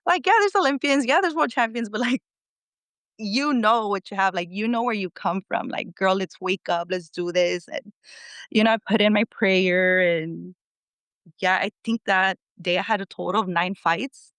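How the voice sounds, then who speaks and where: A chatty woman in her thirties, a guest on a podcast. She has a smooth, clear voice at a mid pitch and tells her stories with frequent laughs. The sound is dry and close. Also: moderate pace, a bit bright, no room sound. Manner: chatty, laughs often, acts out quotes of family and coach. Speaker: podcast guest, former national team athlete. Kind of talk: casual storytelling interview.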